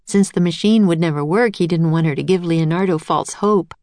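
A woman narrating a children's storybook in a calm, measured reading voice. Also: fairly low pitch.

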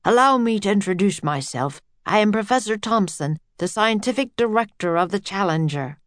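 A woman's voice: medium pitch, lively intonation, normal speed, dry recording, lightly acted. A woman voicing a portly, jovial older male professor who talks as if giving a lecture. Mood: jovial lecturing. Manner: lecturing, pompous yet twinkly.

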